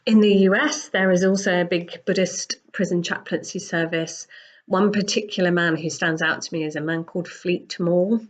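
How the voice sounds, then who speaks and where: Lively woman teaching. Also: fairly low pitch, normal speed. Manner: lively storyteller, dramatic emphasis. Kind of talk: storytelling lesson. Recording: dull lo-fi sound.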